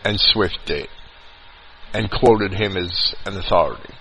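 A man with a New York accent hosting a call-in radio show, talking in a halting way and often repeating his words. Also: deep voice, pushed and bright, rough recording. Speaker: radio host.

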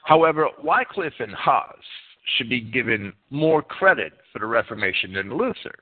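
A man's voice: mid-range voice, lively intonation, moderate pace, husky. Man preaching over a tinny line. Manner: reads from a script, stumbles and repeats words. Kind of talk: reading a history presentation with asides. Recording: tinny phone-like sound.

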